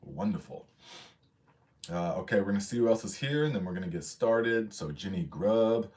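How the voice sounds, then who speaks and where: A man's voice: fairly low pitch, animated, normal speed, darkish tone. A man from the hosting a casual livestream, chatting loosely, reading out viewer comments and greeting them, slightly out of breath. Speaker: livestream host.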